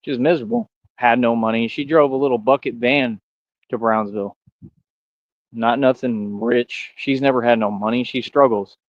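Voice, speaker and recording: A man's voice: medium pitch, moderate pace, dry recording. Cocky guy going off at his stream chat, bro this bro that, dry dull lo-fi mic. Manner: boastful, confrontational, says bro a lot. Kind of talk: livestream rant to chat.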